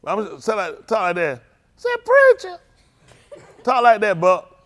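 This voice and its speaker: Teasing and trading banter with the young people, a man warms up his congregation's youth group ahead of the Bible lesson. He sounds high-pitched, expressive and a bit bright, speaking at a moderate pace.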